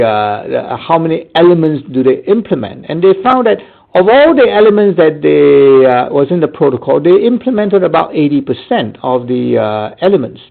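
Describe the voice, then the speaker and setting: A male physician answering audience questions in a webinar, explaining in a halting way with many fillers. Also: a little high, vocal fry. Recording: tinny phone-like audio line.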